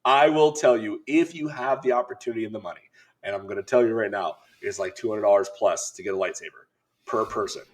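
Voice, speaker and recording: A middle-aged man co-hosting a podcast, telling an animated, laughing story in casual chat. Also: on the low side, fast talker. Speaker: podcast co-host.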